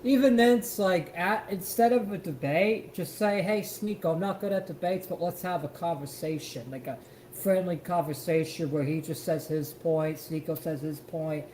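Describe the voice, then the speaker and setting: A man's voice: fairly high pitch, normal speed, a little mellow, echoey room, a little hiss or hum, rough recording. A man co-hosting a live stream, reacting to a clip in an emphatic, profane rant. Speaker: stream co-host.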